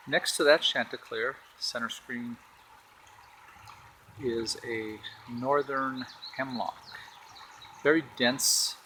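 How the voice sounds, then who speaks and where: A man relaxedly walks and films his backyard garden near a pond, pointing out rocks and plants as a homeowner giving a tour. His voice is medium-pitched, and the rough recording has a little hiss or hum plus faint outdoor ambience with birds and a jet.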